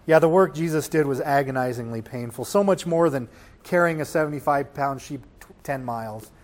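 A man preaching a sermon, swinging from hushed lines to loud ones and putting rhetorical questions to the congregation. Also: medium pitch, a little fast. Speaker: pastor.

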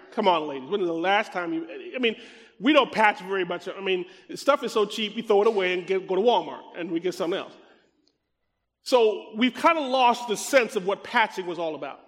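A middle-aged man preaching a sermon, reading scripture slowly and emphatically, then breaking into quick conversational asides to the congregation. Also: high voice, animated, a bit bright. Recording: long reverb of a large hall.

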